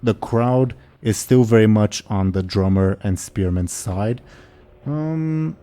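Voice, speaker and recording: A young man narrating a tabletop game as game master, casual and halting with many fillers. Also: fairly low pitch, mellow.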